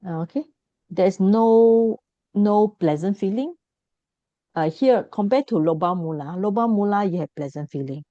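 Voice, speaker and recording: A woman's voice: mid-range voice, expressive, measured pace, dark tone, dry recording, dull audio. A woman teaching a Buddhist class, explaining patiently, repeating key points and correcting herself.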